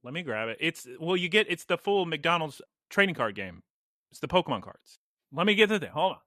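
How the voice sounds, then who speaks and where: A man hosting a casual podcast, his voice bright and forceful, a little higher than most men's. He tells stories with animated energy and laughs often, on a dry, close recording. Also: brisk, no room sound. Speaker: podcast host.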